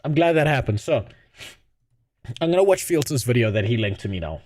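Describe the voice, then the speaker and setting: A man's voice: mid-range voice, expressive, fairly quick, darkish tone. A man ranting sarcastically and with a lot of swearing while streaming. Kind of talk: casual live-stream commentary.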